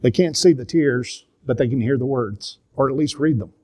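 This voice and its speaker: A man in his sixties speaks at a church seminar, his Southern drawl carrying an earnest, confessional tone. His voice sits in a middle pitch as he teaches through stories of his own family. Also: normal speed, dark tone. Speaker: minister and counselor teaching a seminar.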